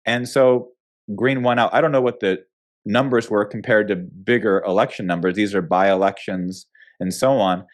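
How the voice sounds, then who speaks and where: A man's voice: lowish voice, normal speed. Opinionated American man, emphatic commentary. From United States. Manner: opinionated, emphatic, frequent restarts and fillers. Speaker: guest. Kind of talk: casual political interview.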